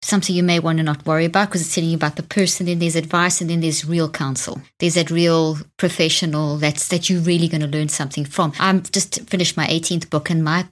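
A woman's voice: low voice, steady tone, fast, hardly any pauses. Enthusiastic woman interviewing a guest. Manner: enthusiastic, affirming. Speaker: interviewer and author. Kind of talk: casual chat.

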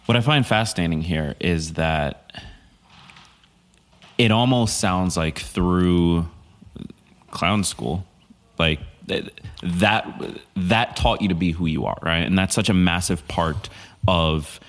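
A man's voice: sits low, takes it slowly, pauses often. A man hosting a podcast, asking loose, reflective questions in casual chat. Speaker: podcast host. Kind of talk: casual interview.

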